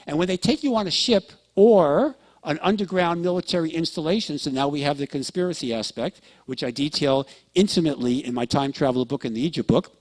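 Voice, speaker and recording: A man's voice: a little high, a little fast, few pauses, darkish tone. Man lecturing in a storytelling manner. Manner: storytelling, acts out quoted dialogue; addresses listeners with frequent check-ins. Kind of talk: lecture to an audience.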